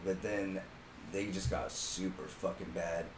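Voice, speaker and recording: A man's voice: low voice, a little slow. A man co-hosting a casual podcast, telling stories animatedly and swearing constantly. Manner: animated storytelling, swears constantly, gets loud retelling a rant. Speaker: podcast co-host. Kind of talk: casual profane chat. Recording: roomy room with faint background noise.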